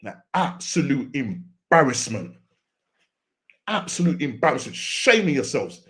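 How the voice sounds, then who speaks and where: A man's voice: mid-range voice, very animated, a little slow, a bit bright. A man hosting a football fan reaction, ranting with exasperation and often repeating and restarting his words. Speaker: football fan channel host. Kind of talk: post-match fan reaction rant.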